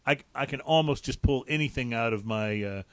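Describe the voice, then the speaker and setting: A man hosting a casual podcast, relaxed and enthusiastic as he talks about cigars and spirits. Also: mid-range voice, brisk, no room sound. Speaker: podcast host. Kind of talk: casual tasting talk.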